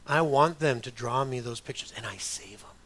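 A man's voice: mid-range voice, moderate pace, a bit bright. A middle-aged man preaching a sermon as a pastor, talking conversationally with joking asides and putting on other voices.

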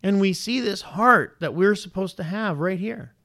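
A man preaching a sermon to a congregation, animated and questioning, his pitch rising sharply on points of emphasis. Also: normal speed. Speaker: pastor.

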